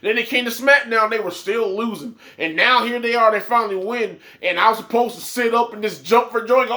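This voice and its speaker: A man's voice: very high voice, fairly quick, few pauses, pushed and bright. A man reviewing a wrestling show, ranting with profane, exasperated commentary.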